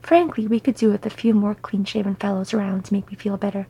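A woman voicing a proud male dwarf king who is gruff and grumbles sulkily. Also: mid-range voice, little pitch movement, quick pace, warm tone. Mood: sulky. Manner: grumbling, sulky pleading.

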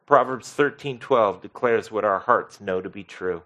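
A man preaching a sermon as pastor, expressive, swinging from soft to loud and asking the congregation questions. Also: lowish voice, normal speed, hardly any pauses.

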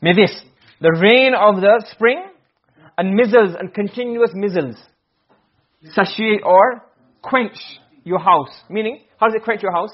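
A high-voiced man lectures a class on Arabic rhetoric, raising questions only to answer them himself. Between his English explanations he rapidly chants Arabic verse, captured on a dull, lo-fi recording.

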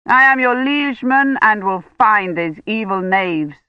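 A woman's voice: medium pitch, expressive, measured pace, clear, resonant tone, dry recording, lo-fi sound, pitched above the performer's own voice, natural voice. A woman doing a pompous young knight boasting. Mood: boastful. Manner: grand, declaiming storyteller tone.

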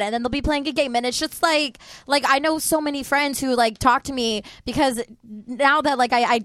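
Woman, young, high voice, chatty, fillers galore, dry close sound. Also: fairly bright tone, dry recording. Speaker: co-host. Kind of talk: casual chat.

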